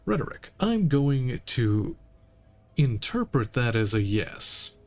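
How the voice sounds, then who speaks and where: Slow, relaxed male streamer. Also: mid-range voice. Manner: relaxed, reads lines aloud with occasional asides. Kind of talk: reading game text aloud while playing. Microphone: streaming mic.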